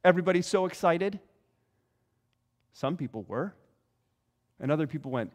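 A middle-aged man preaching a sermon, telling stories with animated delivery and acting out the voices of others. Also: fairly high pitch, moderate pace, pauses often. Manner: animated storytelling, acts out quoted voices. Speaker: pastor.

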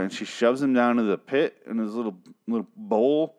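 A man's voice: medium pitch, normal speed. Male recapper, casual and annoyed, profane, rambling delivery with frequent restarts. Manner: irritated, swears often, restarts sentences. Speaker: TV episode recapper.

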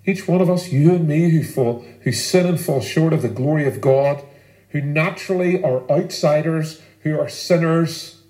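Pastor preaching, earnest and emphatic, kinda high voice, roomy echo. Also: male voice, normal speed, mellow. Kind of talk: sermon.

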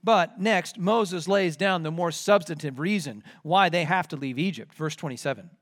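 A man's voice: on the high side, normal speed, a bit bright. A man preaching an expository sermon verse by verse, talking in an earnest, emphatic way.

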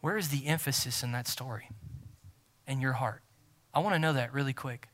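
Here a pastor with a mid-range voice delivers his sermon at normal speed. Emphatic and repetitive with his key phrases, he moves between loud passages and near-whispers.

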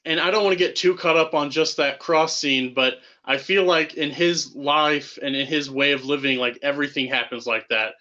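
A man's voice: fairly high pitch, moderate pace, few pauses, bright, forceful tone, lo-fi sound. A man co-hosting a casual movie-review podcast, joking sarcastically about the film. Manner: sarcastic, riffing jokes. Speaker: podcast co-host.

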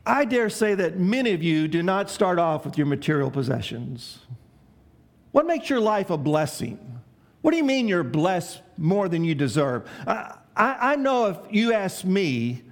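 A pastor with a slightly high voice preaches a sermon, posing questions to the congregation and letting them respond. His delivery is emphatic and varied.

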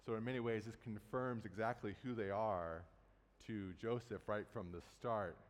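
A man's voice: lowish voice, fairly even intonation, normal speed. A man preaching a sermon, retelling a Bible story in a conversational way and casually acting out the quotes. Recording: long hall reverb.

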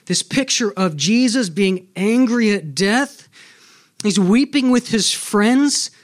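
A high-voiced man preaches slowly as a pastor, his intonation lively and his delivery earnest and emphatic. He regularly turns to his audience with rhetorical questions.

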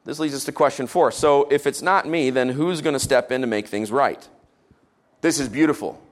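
A man preaching a sermon, reading scripture with rising emphasis and dropping into casual, quiet asides. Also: mid-range voice, moderate pace. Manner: casual asides with fillers between solemn readings.

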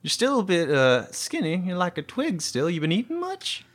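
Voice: mid-range voice, wildly swooping pitch, normal speed, voice pushed up. A game master voicing a stammering, polite elf farmer in a tabletop game. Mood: apologetic. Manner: stammering, folksy and apologetic. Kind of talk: tabletop role-play.

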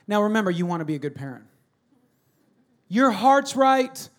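Animated, high-voiced man preaching a sermon. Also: moderate pace. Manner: animated, swings between loud acted shouting and quiet earnest talk. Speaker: pastor. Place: church.

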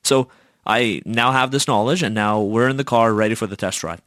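A man's voice: lowish voice, moderate pace, fairly bright tone, no echo. A young man hosting a podcast, telling a casual, chatty story full of fillers and swearing. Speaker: podcast host.

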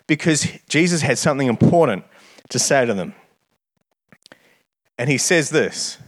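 A man's voice: fairly high pitch, normal speed, long pauses. A man preaching a sermon in an earnest way, often repeating words as he starts his phrases.

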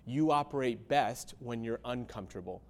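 A man's voice: mid-range voice, normal speed, a little hiss or hum. A man in his forties giving an earnest motivational talk to a crowd, with many fillers and restarts. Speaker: speaker.

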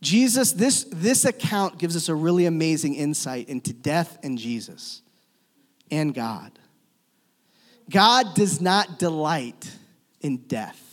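A man preaching a sermon as a pastor, swinging between loud emphatic lines and hushed, slow ones. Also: a little high, big pitch swings. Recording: long reverb of a church hall.

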